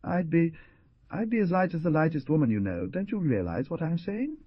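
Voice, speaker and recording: A man's voice: on the high side, big pitch swings, brisk, slightly rough, no room sound, pitched above the performer's own voice. A man voicing a tremulous, desperate young society lady. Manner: tremulous, imploring. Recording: dull lo-fi dry recording.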